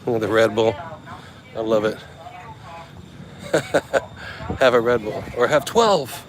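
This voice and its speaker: Slow, easygoing man vlogging outdoors. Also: fairly low pitch, a crowd in the background, rough recording. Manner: joking, chatty, thinking aloud. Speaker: travel vlogger. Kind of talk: casual walking vlog commentary. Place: outdoors walking through a seaside town.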